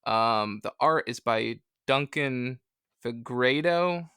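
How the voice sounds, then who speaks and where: A man's voice: medium pitch, slow, fairly bright tone, smooth, no room sound, clean studio sound. A man co-hosting a casual comics podcast, rambling and joking at his own expense. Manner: rambling, joking, self-deprecating. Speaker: podcast co-host. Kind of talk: casual chat.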